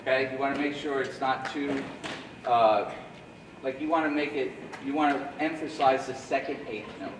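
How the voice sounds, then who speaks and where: A man's voice: mid-range voice, steady tone, normal speed, distant mic. A man coaching a school jazz band, scatting rhythms to show phrasing and counting the players in. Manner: scats rhythms to demonstrate phrasing. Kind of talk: rehearsal coaching. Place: school rehearsal room or auditorium. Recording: echoey room, heard from afar, noisy.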